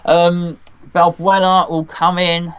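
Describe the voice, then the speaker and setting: A man's voice: high voice, little pitch movement, takes it slowly, a bit bright, clean tone. A man co-hosting a casual football podcast, talking hesitantly with many restarts. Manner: hesitant, full of restarts and ums. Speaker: co-host. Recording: dull lo-fi audio.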